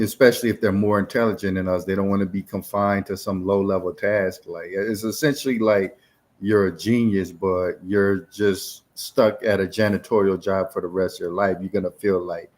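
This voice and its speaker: A man with a very low voice muses aloud as co-host of a casual tech chat. He turns ideas over in a thoughtful, unhurried way. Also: fairly even intonation, a little mellow. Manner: thoughtful, musing. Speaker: podcast co-host.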